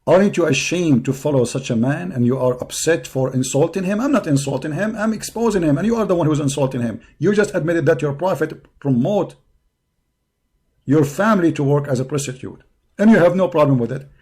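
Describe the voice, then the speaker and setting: A man with a hoarse voice hosting a live online show, delivering a heated, taunting monologue full of repeated insults and challenges. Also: fairly high pitch, expressive, a little fast, a little mellow. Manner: taunting, confrontational, repetitive insults. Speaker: online debate show host. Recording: live stream over a poor connection.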